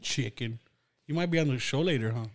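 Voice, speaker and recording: A man's voice: medium pitch, brisk. A man hosting a podcast, chatting casually, teasing his guest and swearing often. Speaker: podcast host. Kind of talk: casual chat.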